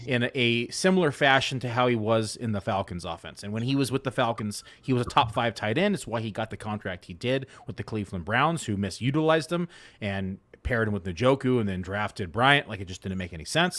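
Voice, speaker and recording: A man's voice: mid-range voice, animated, a little fast, fairly bright tone. Laid-back man chatting fantasy football. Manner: laid-back, rambling with many fillers. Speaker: fantasy football analyst co-host. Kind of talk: casual podcast chat.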